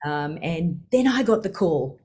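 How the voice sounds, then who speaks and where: Older lady telling a story, laughs a lot, pitch jumps all over, does little voices. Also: a little slow. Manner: laughs often, animated voices in quotes. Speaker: guest sharing a story. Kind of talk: personal storytelling.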